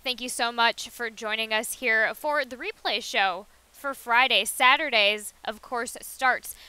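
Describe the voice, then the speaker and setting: A woman hosts a horse racing replay show with an upbeat, emphatic delivery. Her voice is bright and smooth, pitched a little high. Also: a little slow, no echo. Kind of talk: sign-off announcement.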